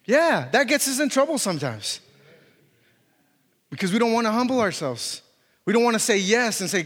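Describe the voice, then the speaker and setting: A man preaching a sermon as a pastor, animated and conversational, full of fillers and restarts. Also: sits high, fairly quick, pauses often. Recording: reverberant hall.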